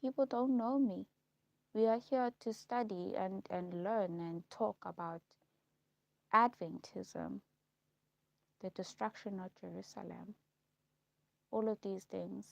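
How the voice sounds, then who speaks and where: A woman speaking a halting, repetitive personal monologue on a live stream, slow and heavy in delivery. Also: medium pitch, vocal fry, no echo. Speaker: livestream host.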